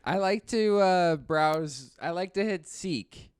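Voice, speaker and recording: Chill canadian guy on a comedy podcast, deadpan and hesitant, smooth voice, dry close sound. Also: sits high, takes it slowly, no echo. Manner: laid-back, hesitant, deadpan. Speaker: podcast co-host. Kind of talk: casual comedy chat.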